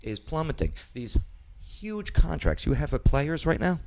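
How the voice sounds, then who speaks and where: A man's voice: on the high side, a little slow. A man hosting a talk show in a studio, chatting in an opinionated, casual way, often stammering and restarting words. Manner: animated, repeats words, frequent stammering restarts.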